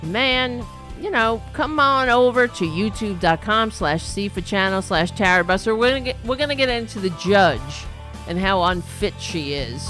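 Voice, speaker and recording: Angry, profane woman ranting politics. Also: mid-range voice. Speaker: political talk show host. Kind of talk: live-streamed political commentary.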